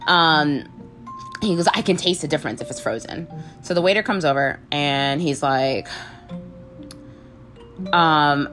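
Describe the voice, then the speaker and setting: A woman's voice: low-pitched, unhurried, long pauses, faint music behind. A young woman casually telling a funny dating story, acting out the voices in the quotes. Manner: animated, acts out voices in quotes, frequent laughs.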